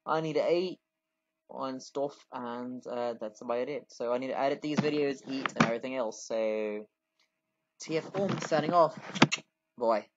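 A man's voice: mid-range voice, fairly even intonation, moderate pace, very noisy. Rambling young-sounding gamer man, dull mic. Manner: rambling, self-mocking, thinks aloud while playing. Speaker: gaming channel host. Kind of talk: casual let's-play commentary.

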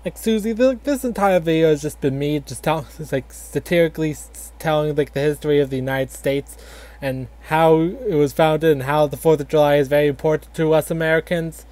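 A man voicing a grandfatherly animatronic fox who tells a satirical history lesson in a halting, filler-heavy ramble. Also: a little high, a little mellow, close to an everyday voice. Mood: rambling. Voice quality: halting, filler-heavy, lots of likes and restarts. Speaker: storyteller grandfather. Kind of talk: casual satirical storytelling.

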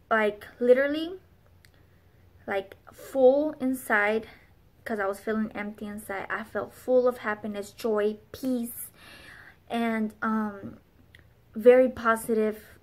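Young adult woman, slightly high voice, earnest rambling testimony-style vlog delivery. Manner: earnest, rambling with many fillers. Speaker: vlogger. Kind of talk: personal testimony.

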